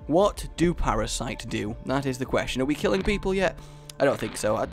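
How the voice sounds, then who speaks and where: A man from Scotland doing joking let's-play commentary, talking to himself and the game and laughing often. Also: medium pitch. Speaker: gaming YouTuber.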